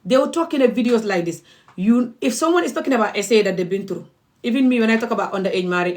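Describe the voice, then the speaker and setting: Woman, activist vlogger, impassioned monologue, emphatic, repetitive. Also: lowish voice.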